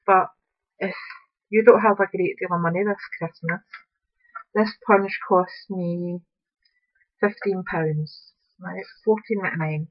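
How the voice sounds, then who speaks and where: A woman's voice: on the low side, fairly even intonation, a little slow, long pauses, dull audio. A woman, chatting casually while demonstrating a craft project at home and thinking aloud as she works. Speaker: craft tutorial host. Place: upstairs room at home.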